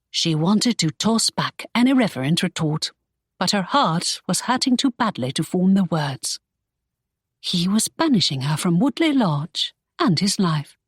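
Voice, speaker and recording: A woman narrating a romance audiobook in an expressive storytelling manner. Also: mid-range voice, breathy edge, dry recording, studio quality.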